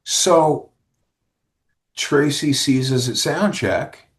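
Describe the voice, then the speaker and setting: A man's voice: on the high side, drawn-out words. A man, a rock singer, telling stories in a casual interview and acting out what others said. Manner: animated storyteller who acts out others' lines.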